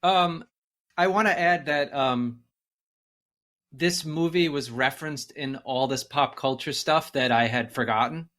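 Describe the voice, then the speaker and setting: A man's voice: fairly high pitch, measured pace, fairly bright tone. A man as a podcast guest, chatting casually and hesitantly with many ums. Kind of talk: casual chat.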